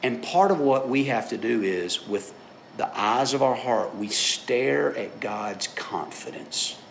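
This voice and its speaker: A man's voice: fairly low pitch, a little hiss or hum. A middle-aged man preaching a sermon in a conversational, storytelling way, often checking in with his listeners. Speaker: pastor.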